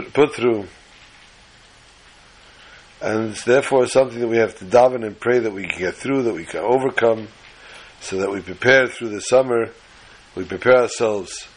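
A man's voice: fairly low pitch, husky, low-quality recording. A man giving an emphatic, lecturing sermon-style scripture lesson as a religious teacher.

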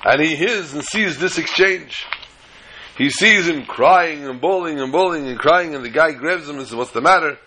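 A man preaching a sermon, telling a parable in an animated storytelling manner with dramatic pauses. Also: fairly high pitch, breathy edge, poor audio.

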